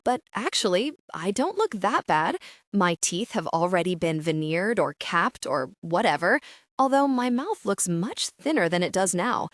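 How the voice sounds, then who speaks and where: A woman reading a first-person audiobook with expressive, animated storytelling. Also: on the low side, measured pace, dry recording, clean studio sound. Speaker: audiobook narrator.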